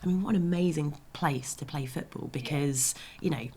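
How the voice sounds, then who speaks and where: A woman's voice: low voice, moderate pace, dark tone. A woman hosting an interview, asking enthusiastic questions. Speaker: host. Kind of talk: interview host.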